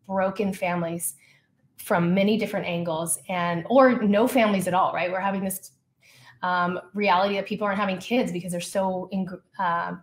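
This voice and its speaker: Woman telling a lively personal story. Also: fairly low pitch, moderate pace. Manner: lively personal storytelling, acts out her own past dialogue; casual, frequent fillers such as "like" and "you know". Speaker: podcast guest, leadership coach. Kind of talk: storytelling in a podcast interview.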